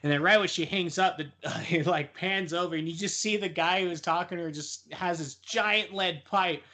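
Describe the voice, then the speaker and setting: A man's voice: high-pitched, moderate pace, sharp tone. A young man on a casual podcast, retelling a horror film in a rambling, profane way and laughing often. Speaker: podcast co-host.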